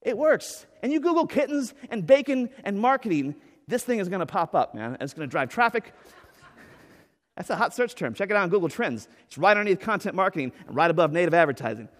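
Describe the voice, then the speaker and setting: A man with a fairly high voice delivers an energetic keynote from a conference stage. He jokes, leans on "right?" and tumbles through restarts as he gets excited. The sound carries the long echo of a large hall. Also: fast. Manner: animated, enthusiastic, jokey with frequent "right?" and fillers. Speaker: conference speaker. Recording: echoey hall with long reverb.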